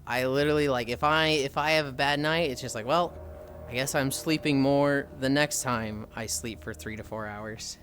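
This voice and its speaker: A man's voice: mid-range voice, steady tone, normal speed, fairly bright tone. A man with a Midwestern American accent, streaming live and chatting with viewers in a rambling, swearing way while he answers their messages. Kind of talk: casual chat with viewers.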